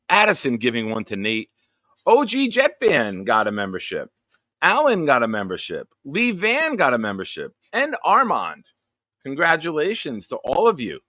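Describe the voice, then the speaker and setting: Bright-voiced man hosting a live stream. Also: medium pitch, no echo, clean studio sound. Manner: upbeat, rambling, greets viewers by name. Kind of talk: casual live stream chat.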